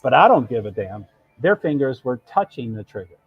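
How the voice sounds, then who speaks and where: A man's voice: mid-range voice, very animated, fairly quick, slightly rough, dull audio, faint music behind. A man telling a long story on his live stream, rambling, breaking off mid-sentence and acting out what others said. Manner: rambling, self-interrupting, quotes others. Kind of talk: casual storytelling.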